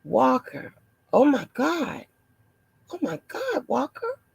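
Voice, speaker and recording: A woman doing a mocking impression of a shocked, over-concerned woman, gasping and breathy with drawn-out alarmed phrases. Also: high voice, huge pitch swings, no echo, pitched above the performer's own voice, full character voice. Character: shocked, fretful high-voiced woman, overly concerned.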